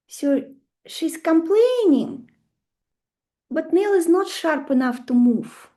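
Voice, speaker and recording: High-voiced woman teaching astrology. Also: slow pace. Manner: animated, asks the class questions, acts out stories. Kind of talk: live lesson with stories.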